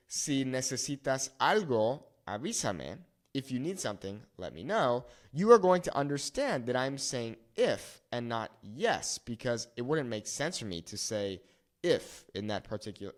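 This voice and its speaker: A man teaching a lesson at a whiteboard, repeating words slowly to show how they sound. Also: medium pitch. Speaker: Spanish teacher.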